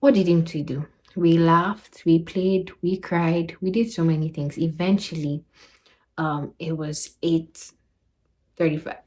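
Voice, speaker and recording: Low-voiced Nigerian woman telling a story. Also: slow pace. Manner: animated retelling, acting out quoted voices. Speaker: vlogger. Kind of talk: storytelling travel vlog.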